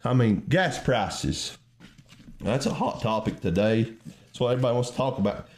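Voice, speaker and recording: A man preaching a fervent sermon, calling the listeners "friend" and swinging between quiet reflection and raised emphasis. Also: medium pitch, lively intonation, moderate pace.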